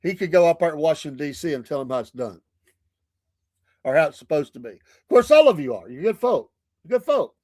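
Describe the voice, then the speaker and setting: A man's voice: a little high, big pitch swings, brisk, darkish tone, no echo, clean studio sound. A Southern American man hosting a morning livestream show, chatty and folksy, laughing often. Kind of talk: casual livestream chat. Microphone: streaming mic.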